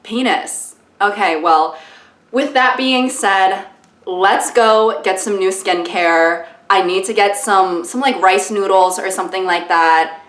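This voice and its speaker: A woman's voice: mid-range voice, slow, a bit bright. Young woman vlogger, casual self-mocking chatter, echoey phone recording. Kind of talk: casual vlog chat to camera. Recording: echoey room.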